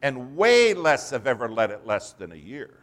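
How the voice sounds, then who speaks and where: A man preaching a sermon and telling a story, his voice swinging from hushed to loud. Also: medium pitch, normal speed. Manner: storytelling, animated.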